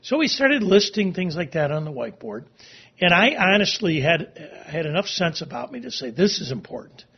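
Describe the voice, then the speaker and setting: A middle-aged man telling a long personal story as an interview guest, halting and emotional, sometimes tearing up. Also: sits high, sing-song, breathy edge. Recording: dull lo-fi recording.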